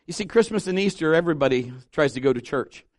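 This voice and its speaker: A male pastor in his fifties preaching to his church, swinging from loud exhortation to quiet, intimate asides with humor. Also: a little high, expressive, fast talker, no room sound, studio quality. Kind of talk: sermon. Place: church sanctuary.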